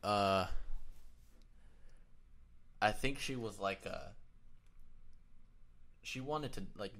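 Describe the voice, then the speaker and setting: Young male podcast co-host, somewhat low voice, loose rambling delivery with casual swearing. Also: drawn-out words, fairly bright tone. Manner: rambling storytelling with frequent swearing and fillers. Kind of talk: casual chat.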